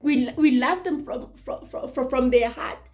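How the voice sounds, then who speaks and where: In a high, somewhat dark voice at a slightly slow pace, a woman in her mid-thirties hosts a casual advice monologue. Earnest and emphatic, she frequently repeats herself.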